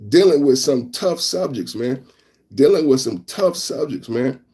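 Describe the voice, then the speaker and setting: A man's voice: medium pitch, animated, unhurried, warm tone, slightly rough. A man hosting a live news reaction podcast, rambling and talking straight to his chat, repeating phrases and tacking on "man.". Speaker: podcast host.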